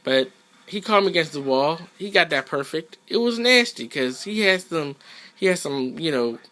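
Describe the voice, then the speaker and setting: A man with a bright, forceful voice runs through a fighting-game match he played. He tells it in loose, fast, slangy trash-talk full of profanity, and he jumps into animated voices for the players he quotes. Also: fairly high pitch. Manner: quick, loose storytelling. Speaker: gaming channel host. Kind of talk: casual commentary over gameplay.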